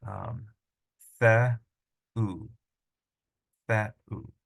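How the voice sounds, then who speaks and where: A man's voice: lowish voice, steady tone, unhurried, creaky, fairly bright tone. A middle-aged man teaching a language lesson, patiently sounding out syllables and correcting himself as he goes. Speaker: Greek teacher. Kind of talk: screen-recorded lesson.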